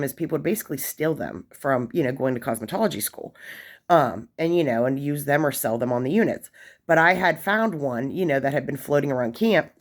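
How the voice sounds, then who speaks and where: A woman in her forties telling a story in a chatty, casual way, with lots of fillers and asides. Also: low voice. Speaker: vlogger sharing prison experiences.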